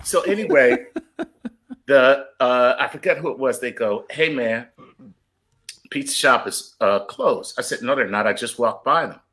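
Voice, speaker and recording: A man's voice: mid-range voice, measured pace. A man, a comedian, telling a profane story in casual chat, acting out the other people in it. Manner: animated, profane storyteller doing voices. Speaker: comedian guest.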